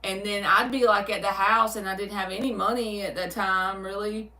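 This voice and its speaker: A woman's voice: mid-range voice, normal speed, far from the mic. Chatty Southern woman in a roomy space. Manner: chatty, reads viewer comments aloud and answers them; laughs easily, animated storytelling. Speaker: tarot reader hosting a livestream. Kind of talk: casual livestream chat with viewers. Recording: roomy sound, speaker away from the mic.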